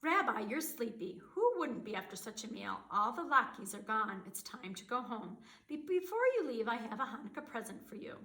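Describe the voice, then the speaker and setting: A woman's voice: on the high side, very animated, moderate pace, few pauses, exaggerated voice. A woman voicing a kindly, hospitable old grandmother who fusses over her guest in a storybook. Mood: tender. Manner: warm, fussing, chatty. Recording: roomy echo.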